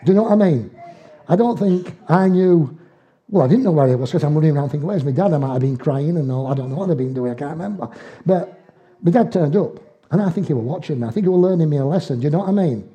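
A man's voice: a little high, animated, fast talker. A man with a Northern English accent preaching a conversational sermon, telling homely personal stories with humour and frequent laughs. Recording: dull, muffled lo-fi sound.

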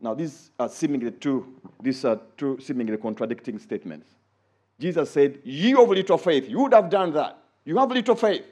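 A man preaching a sermon in an animated way, rising high when he quotes others and dropping low for asides.

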